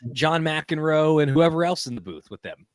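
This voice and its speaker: A man co-hosting a live tennis watchalong from home, reacting with jokes and emphatic, drawn-out remarks. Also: on the high side, lively intonation, no room sound. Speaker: co-host. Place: home streaming setup.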